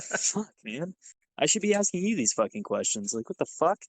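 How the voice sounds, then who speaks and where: A man's voice: on the high side, moderate pace, dry recording, rough recording. Profane man telling army stories. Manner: profane, animated, acts out dialogue. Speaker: podcast guest, former Army sergeant. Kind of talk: casual storytelling.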